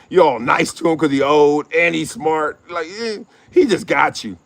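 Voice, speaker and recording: A man's voice: fairly high pitch, moderate pace. A middle-aged man hosting his own show, riffing in slangy casual commentary, laughing often and acting out quotes. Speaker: show host.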